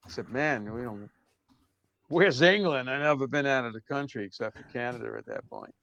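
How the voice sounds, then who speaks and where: A man in his sixties from Brooklyn with a New York accent, telling stories as an interview guest in a relaxed way that trails off softly. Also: medium pitch, brisk, gravelly, no echo, muffled recording. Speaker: drummer guest. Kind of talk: casual interview storytelling.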